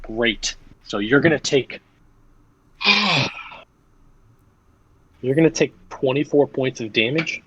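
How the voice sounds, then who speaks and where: A man's voice: medium pitch, slow pace, long pauses, a bit bright, husky, lo-fi sound. Rambling young man running a tabletop game. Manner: rambling, many fillers and restarts. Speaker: game master. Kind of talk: casual game narration.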